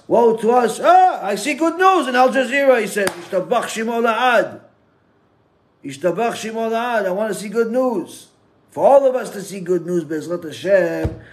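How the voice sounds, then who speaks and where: A man preaching as a rabbi, reciting a psalm in fast Hebrew and then slowly in English, and telling a joke with lively put-on voices. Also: on the high side. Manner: animated storytelling, acts out characters in a joke. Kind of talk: sermon.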